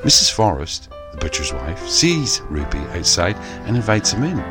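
A man's voice: on the low side, sing-song, normal speed. A male radio host narrating a parody children's story in a sing-song, innuendo-laden reading. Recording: music bed under the voice.

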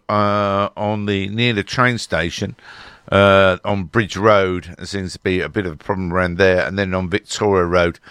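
A rambling, jokey man hosting local radio from a studio mic. His voice is low-pitched yet bright and forward, and the room is very dry. He talks casually and fills gaps with ums and asides. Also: no room sound. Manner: rambling and jokey, with many fillers. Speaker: radio presenter. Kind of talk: casual radio chat and traffic report.

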